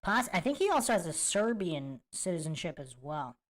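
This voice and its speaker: A woman's voice: fairly low pitch, sing-song, moderate pace. A woman hosting a podcast, reacting to clips with incredulous rhetorical questions. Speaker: podcast host. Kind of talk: reaction commentary.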